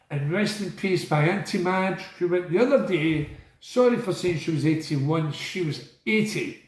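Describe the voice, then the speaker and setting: A man's voice: high voice, echoey room, rough recording. A man telling stories about his time as a prisoner in a rambling monologue. He is blunt, swears, strays off track and asks and answers his own questions.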